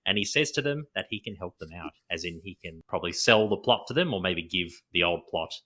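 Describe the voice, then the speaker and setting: A man's voice: deep voice, lively intonation, quick pace, bright, forceful tone, slightly rough. A man co-hosting a podcast, casually recapping a TV episode scene by scene and laughing often as he goes. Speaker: podcast co-host.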